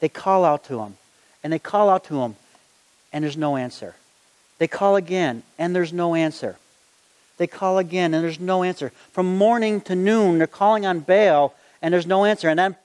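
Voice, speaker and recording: A man preaching a sermon, reading Bible verses aloud and acting out the story in lively voices. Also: high-pitched, normal speed. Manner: animated, acts out the story in voices. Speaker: gospel magician preacher. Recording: long hall reverb.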